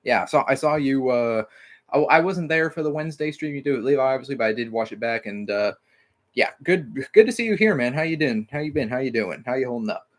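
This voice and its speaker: A man from Mississippi hosts a casual livestream at an ordinary middle pitch. He rambles loosely, stacking "like" fillers and dropping the odd swear word as he chats. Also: a little fast. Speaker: livestream host.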